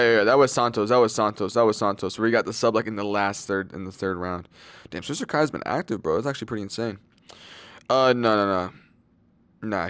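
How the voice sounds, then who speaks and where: A young man with a lowish voice, recorded dry, hosts an MMA fight predictions channel. His predictions are casual and rambling, loose and slangy, packed with fillers and swearing.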